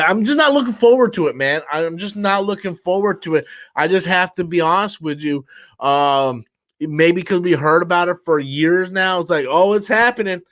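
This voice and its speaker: A man's voice: on the high side, fairly bright tone, no echo. Tired, profane man ranting on a stream. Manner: blunt and profane, loose and rambling. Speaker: live-stream host. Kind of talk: casual live-stream rant.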